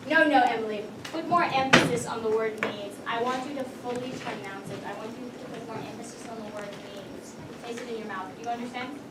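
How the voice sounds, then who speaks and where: A woman's voice: fairly high pitch, fairly quick, hardly any pauses, close to an everyday voice. An actress on stage playing a stern, pedantic elderly female schoolteacher who nitpicks and scolds. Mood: demanding. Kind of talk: stage play acting. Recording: echoey stage, far mic, loud noise.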